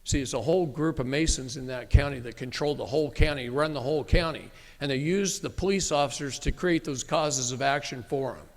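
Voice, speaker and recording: A man's voice: mid-range voice, a little fast, hardly any pauses, long reverb tail. A middle-aged man telling a story to a live audience in a blunt, folksy, emphatic way, with occasional cursing. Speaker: speaker at a live event. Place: meeting room with an audience.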